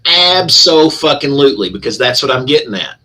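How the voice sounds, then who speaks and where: Bright-voiced man, profane ranting cohost. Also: mid-range voice, lively intonation, fairly quick, low-quality recording. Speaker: podcast co-host. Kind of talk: casual podcast chat.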